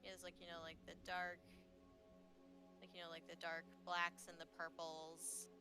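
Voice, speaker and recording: A woman's voice: fairly low pitch, completely flat delivery, normal speed, music in the background. A woman playing in a tabletop game, chatting casually and hesitantly, full of filler words. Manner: rambling, hesitant, heavy use of filler words. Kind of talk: casual chat.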